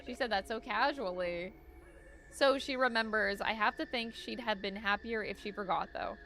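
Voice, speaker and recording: A woman streamer reading game dialogue aloud during a playthrough, expressive, swearing and joking to chat. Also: mid-range voice, moderate pace.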